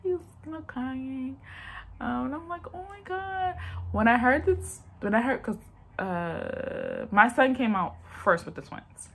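A woman's voice: a little high, sing-song, a little slow, creaky, husky. Chatty woman telling a personal story. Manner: rambling, talks straight to viewers. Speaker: vlogger.

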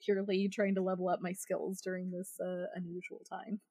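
A woman's voice: fairly low pitch, flat delivery, moderate pace, warm tone, slightly rough, no room sound. A woman who is a podcast guest, chatting casually with lots of fillers and frequent laughter, poking fun at herself. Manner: self-deprecating, laughs often, talks with many fillers.

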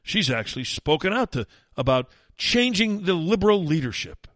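A man's voice: high voice, sing-song, normal speed, fairly bright tone, dry recording. A man hosting a talk radio show, delivering an opinionated, mocking and emphatic monologue.

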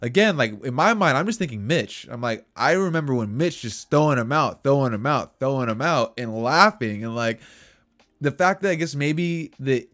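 Male podcast co-host, mid-pitched, loose casual chat, stop-start rambling delivery. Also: lively intonation, moderate pace, fairly bright tone. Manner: rambling, frequent fillers and restarts.

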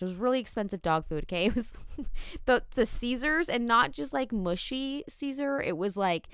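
Chatty young woman, smooth dry voice. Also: mid-range voice, no echo. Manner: chatty, animated, swears freely, laughs between lines. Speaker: vlogger on mindset and manifesting. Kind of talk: casual storytelling to camera.

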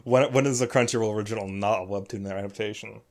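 A man's voice: on the low side, steady tone, fast, darkish tone. A man co-hosting a podcast, chatting sarcastically and laughing often. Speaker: podcast co-host. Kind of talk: casual chat.

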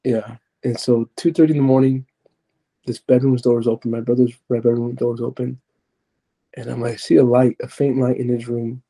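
Young man, gravelly, husky, dark tone, halting testimony with many restarts. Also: medium pitch, level tone. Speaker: podcast guest. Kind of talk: personal testimony.

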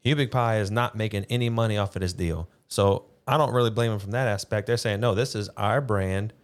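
A man co-hosting a casual podcast, telling stories in a relaxed, easygoing way with a bit of swearing. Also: lowish voice, quick pace. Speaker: podcast co-host. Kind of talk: casual chat.

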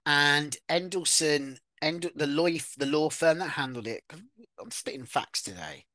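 A podcast co-host, chatting casually in an animated, gossipy way with the odd swear. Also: mid-range voice, a little slow, no echo. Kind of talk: casual chat.

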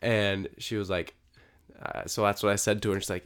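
A man with a fairly low voice chats on a casual podcast. He tells his stories animatedly and slips into the voices of the people he's quoting. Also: a little fast, clear, resonant tone. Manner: animated storyteller who acts out quoted dialogue. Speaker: guest co-host.

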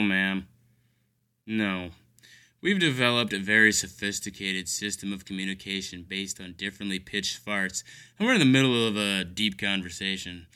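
A man's voice: fairly low pitch, sharp tone, smooth. A man delivering an exasperated, profane comedic rant full of sarcasm. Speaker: caregiver telling stories.

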